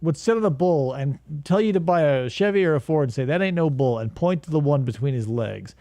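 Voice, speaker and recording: A man's voice: a little high, expressive, brisk, dark tone, no room sound. A man from Arizona co-hosting a casual talk show, rambling through crude, jokey commentary on old commercials. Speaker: podcast co-host reacting to old commercials. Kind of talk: casual chat.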